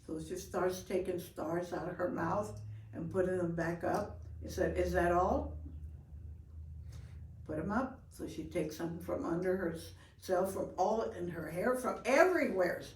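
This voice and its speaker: An older woman telling a folk story in a lively, expressive way, with gasps for effect. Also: on the low side, unhurried, slight background noise. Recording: roomy, from far off.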